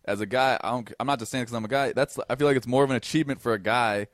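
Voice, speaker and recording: Fast-talking man on a podcast. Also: mid-range voice, no echo, studio quality. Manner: animated storyteller, swears freely. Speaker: comedian guest. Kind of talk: casual podcast chat.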